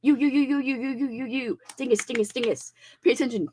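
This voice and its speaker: Woman doing a whispered role-play, soft ASMR whisperer, repetitive murmuring, light high voice. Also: quick pace, a little hiss or hum, close to an everyday voice, poor audio. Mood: hushed. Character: hushed female ASMR whisperer chanting trigger words.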